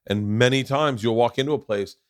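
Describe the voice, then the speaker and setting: A man's voice: medium pitch, brisk, clear, resonant tone, no room sound, clean studio sound. Rambling, cursing man host. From Florida. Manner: rambling, many restarts, swears freely. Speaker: podcast host. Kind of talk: casual interview chat.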